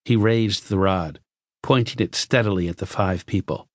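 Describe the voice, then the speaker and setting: A man narrating an audiobook in a measured, even scripted reading. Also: low-pitched, no echo, clean studio sound.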